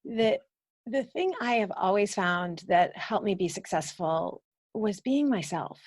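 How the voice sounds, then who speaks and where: A woman's voice: medium pitch, lively intonation, a little slow, dry recording, studio quality. A woman from Detroit, a purpose coach, answering interview questions in a gregarious, enthusiastic way. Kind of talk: casual interview.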